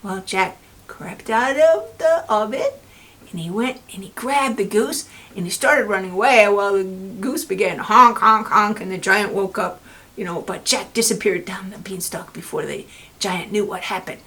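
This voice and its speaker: A woman librarian reading a fairy tale to children and explaining a craft, gently checking in with them. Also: mid-range voice, moderate pace. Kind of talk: children's story time reading.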